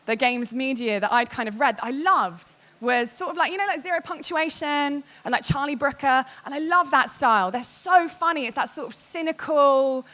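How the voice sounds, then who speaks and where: Woman, public talk, animated, candid, slightly high voice. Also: moderate pace, hardly any pauses. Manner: animated and candid, quotes others in lively voices. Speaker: games media speaker giving a talk.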